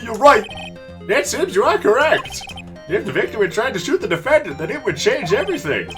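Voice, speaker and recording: A man's voice: high-pitched, sing-song, brisk, pitched above the performer's own voice. A man voicing a flustered older male judge who is easily swayed, reading game lines over game music. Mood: excited.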